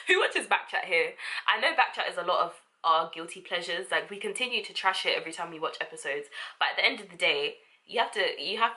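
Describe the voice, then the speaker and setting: A young woman, chatting casually to camera as a vlogger, sassy and expressive with quick asides. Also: on the low side.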